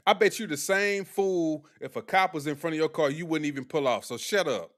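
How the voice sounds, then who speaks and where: A man's voice: fairly high pitch, normal speed, a bit bright. A young man doing live-stream commentary, talking bluntly and combatively to his chat with heavy slang. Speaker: livestream commentator.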